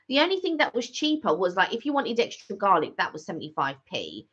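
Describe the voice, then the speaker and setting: A woman's voice: medium pitch, sing-song, a little fast, few pauses, bright, forceful tone. A middle-aged woman co-hosting a vlog, chatting casually and rambling with lots of fillers and restarts. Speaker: vlog co-host. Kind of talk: casual chat. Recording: slightly dull lo-fi audio.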